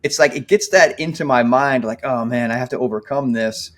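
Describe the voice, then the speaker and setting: A man's voice: mid-range voice, a little fast, fairly bright tone. A man in his forties co-hosting a podcast, talking earnestly and reflectively and acting out his own inner thoughts. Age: 40s. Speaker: podcast co-host. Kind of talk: casual podcast conversation.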